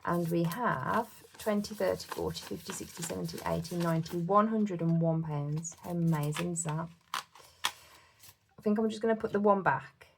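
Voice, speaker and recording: A woman's voice: lowish voice, moderate pace, creaky, a little hiss or hum. A woman with a British accent chatting casually as a budgeting vlogger, giggling often and counting numbers aloud to herself. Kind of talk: casual chat while cash stuffing.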